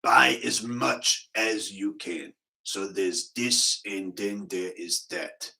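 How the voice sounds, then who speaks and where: A man doing a comic impression of a rambling male conspiracy vlogger with a Boston accent, deadpan and digressive. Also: lowish voice, slow pace, creaky, pitched below the performer's own voice, heavily acted, rough recording. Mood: drawling.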